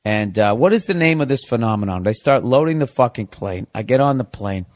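A man's voice: medium pitch, animated, a little fast, darkish tone. A man hosting a podcast, telling a comic story in a profane, ranting monologue. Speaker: podcast host.

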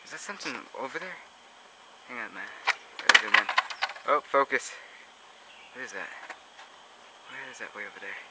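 A man's voice: mid-range voice, lively intonation, moderate pace, long pauses. Young male vlogger, breathless, chatty, noisy outdoor camera audio. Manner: chatty, breathless, narrating what he films. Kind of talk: casual handheld vlog. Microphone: handheld camera mic.

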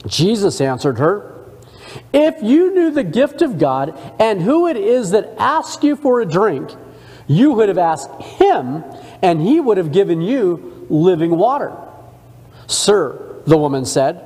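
A man's voice: sits high, sing-song, unhurried, a little mellow, big-room sound. A man teaching a church discipleship class, reading scripture aloud and stopping to comment in a conversational way. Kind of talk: Bible study sermon. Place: church sanctuary.

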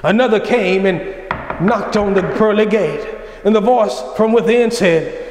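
A man preaching in a church sanctuary with a high voice and a fervent, pleading cadence. His words ring out through a roomy hall with a long, lingering reverb. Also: unhurried, a little mellow, slight background noise. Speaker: senior minister preaching. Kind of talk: sermon.

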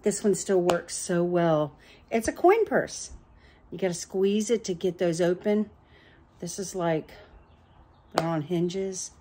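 Middle-aged woman, casual thrift haul vlog, mellow husky voice, excitable and chatty, filmed at home. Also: lowish voice, takes it slowly, pauses often. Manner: chatty, excitable, gushes over small finds.

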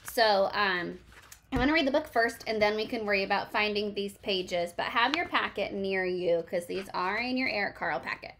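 A woman's voice: mid-range voice, normal speed, fairly bright tone, a little hiss or hum. A young woman teacher reading a picture book aloud to her class and chatting with the children, encouraging and full of ums and likes.

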